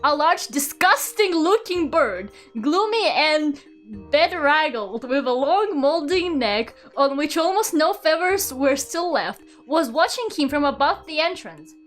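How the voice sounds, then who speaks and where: A young woman from Russia with a bright, high voice reads a book aloud on stream, breaking off to react to her chat. She sounds incredulous, swears casually and laughs a lot, with soft music playing faintly underneath. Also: lively intonation, measured pace. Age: young adult. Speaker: VTuber streamer. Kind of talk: reading aloud and chatting with viewers.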